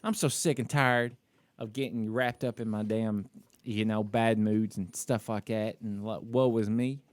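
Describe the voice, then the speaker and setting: A man's voice: fairly low pitch, fairly even intonation, measured pace. Candid self-critical man telling a story. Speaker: podcast co-host. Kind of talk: casual chat.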